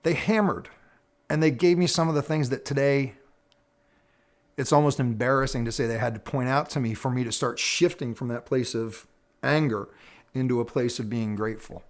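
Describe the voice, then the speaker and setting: A middle-aged man speaking earnestly to viewers about personal growth, telling his own story in a measured, reflective way with pauses. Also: mid-range voice, fairly even intonation. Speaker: personal development teacher. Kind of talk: reflective personal talk to camera.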